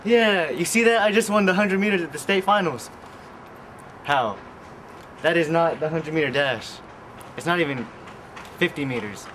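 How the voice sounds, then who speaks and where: A deadpan young man from California. He picks apart his own claims in a comedy sketch, sounding incredulous. The recording is roomy and carries a clear layer of noise. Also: a little high, normal speed, pauses often. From Northern California. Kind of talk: comedy sketch, mock self-questioning. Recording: echoey room with clear noise.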